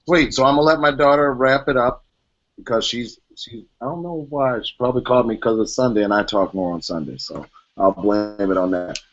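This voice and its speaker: Guy hosting an online panel, jokes around a lot, mid pitch, muffled call audio. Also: brisk. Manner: chatty and joking, laughs often. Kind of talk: casual video-call chat. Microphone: video call. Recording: dull lo-fi video call audio.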